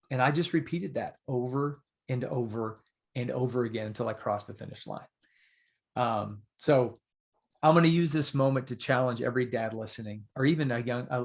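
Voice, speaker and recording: A man guesting on a podcast, telling stories in a casual, animated and earnest way. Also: medium pitch. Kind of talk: casual storytelling.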